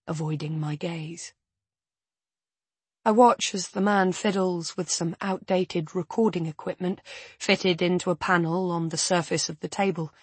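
Husky-voiced woman narrating an audiobook. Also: fairly low pitch, no echo. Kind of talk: first-person audiobook narration.

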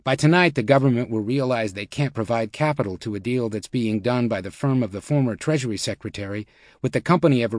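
A man's voice: mid-range voice, darkish tone, no echo, clean studio sound, close to an everyday voice. A man voicing a folksy older male investor who speaks bluntly and with certainty.

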